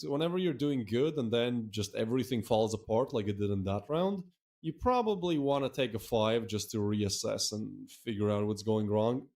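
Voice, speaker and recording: A man's voice: medium pitch, a little mellow. A man giving chatty, laughing color commentary and analysis on an esports match.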